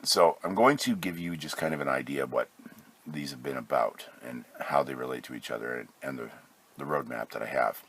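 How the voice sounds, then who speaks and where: A man's voice: a bass voice, a little fast, creaky, a bit bright, breathy edge. A man hosting a solo podcast from home with a sick voice, talking loosely with many fillers and self-corrections. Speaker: podcast host. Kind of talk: casual solo podcast monologue.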